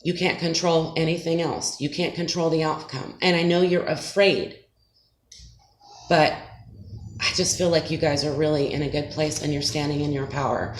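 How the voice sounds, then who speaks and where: Low-voiced woman doing a tarot reading. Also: fairly even intonation, moderate pace. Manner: gentle, soothing, with frequent fillers and "okay?". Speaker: tarot reader. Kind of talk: casual tarot reading to camera. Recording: echoey room with faint noise.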